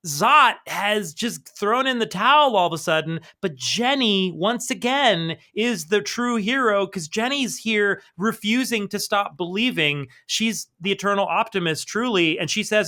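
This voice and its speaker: A man co-hosting a podcast, excitedly retelling a comic book and laughing often. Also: high voice, a little slow, hardly any pauses. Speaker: podcast co-host. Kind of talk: casual comic-book discussion.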